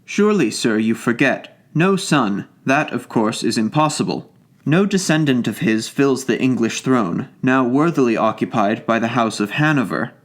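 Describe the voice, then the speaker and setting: A man's voice: mid-range voice, lively intonation, moderate pace, lightly acted. A man reading the part of a self-assured Tory doctor in an audiobook, speaking in a cool, emphatic, lecturing manner.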